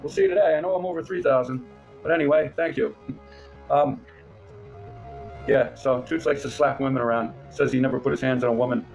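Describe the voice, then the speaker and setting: A middle-aged man with a gravelly, fry-edged voice rambles through a crude, mocking story, stopping and restarting often. Faint music plays behind him. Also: medium pitch, sing-song, fairly quick, pauses often, darkish tone. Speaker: channel host. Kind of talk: casual rambling storytelling to camera.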